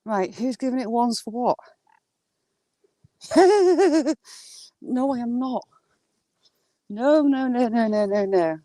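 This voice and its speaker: A woman chatting casually on a walk by the water, filming on a handheld phone and cooing at ducks in a high sing-song voice. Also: expressive, takes it slowly, pauses often, dark tone, no echo. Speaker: vlogger. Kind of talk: casual walking vlog. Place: outdoors by water.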